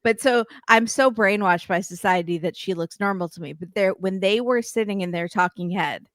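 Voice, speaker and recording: A woman's voice: mid-range voice, normal speed, dry recording, studio quality. A woman guest chatting casually on a podcast, trailing off and restarting as she laughs along. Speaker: guest co-host. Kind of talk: casual chat.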